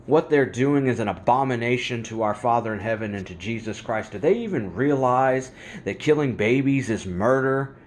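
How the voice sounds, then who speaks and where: Male host for an angry, fired-up religious commentary rant. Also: medium pitch.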